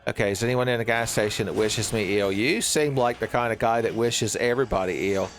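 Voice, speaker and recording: A man's voice: on the low side, brisk, faint music behind. A man giving joking, rambling commentary while he plays a horror game, often laughing at his own jokes. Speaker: streamer playing a horror game.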